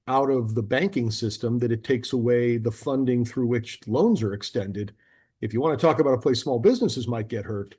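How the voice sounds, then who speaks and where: A man hosting a fintech podcast, talking in a chatty, animated way with frequent restarts. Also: mid-range voice, slightly rough. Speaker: podcast host. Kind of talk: casual podcast conversation. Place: local to Atlanta.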